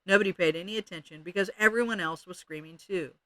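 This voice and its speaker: A man's voice: sits high, fast, sharp tone, no echo. A man expressively reading a children's chapter book aloud. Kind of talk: read-aloud storytelling.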